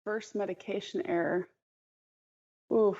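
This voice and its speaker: A woman who is an emergency nurse, a guest in a casual interview, telling an animated story and acting out the dialogue. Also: mid-range voice, unhurried, breathy edge, highs cut off.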